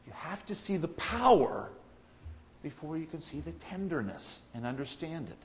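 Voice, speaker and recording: A man preaching an expository sermon, moving from soft, thoughtful explanation to loud, ringing proclamation. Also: fairly high pitch, sing-song, normal speed, highs cut off. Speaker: pastor.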